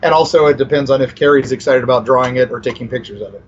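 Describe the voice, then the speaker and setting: A man's voice: medium pitch, racing, crowd noise. Rambling male author on a dull line. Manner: rambling, full of fillers and restarts. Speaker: author and guest. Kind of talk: casual interview chat.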